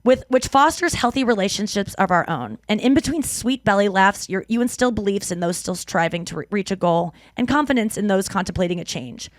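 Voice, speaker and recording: A woman hosting a podcast, chatting casually and reading listener letters aloud with quick asides. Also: medium pitch, no echo, clean studio sound. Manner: animated, laughing, reads letters aloud with asides. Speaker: podcast host.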